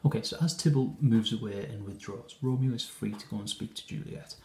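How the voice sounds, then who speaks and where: A man's voice: on the low side, brisk, darkish tone, roomy sound, faint music behind. A man teaching a lesson, walking through a scene of a play in an explanatory way with frequent hesitations and restarts. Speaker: English teacher.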